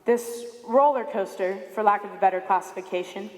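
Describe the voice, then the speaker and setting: A woman in her late teens giving a prepared speech to an audience, telling a story with animated delivery and acting out quoted lines. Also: mid-range voice, a little fast. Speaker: student speaker. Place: large high school arena. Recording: echoey arena with long reverb.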